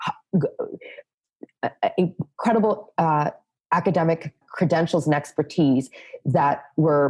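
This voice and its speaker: A woman's voice: deep voice, darkish tone, no echo, low-quality recording. A middle-aged woman as a podcast guest, speaking in an earnest, thoughtful way and often repeating words as she starts a thought. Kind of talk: reflective conversational interview.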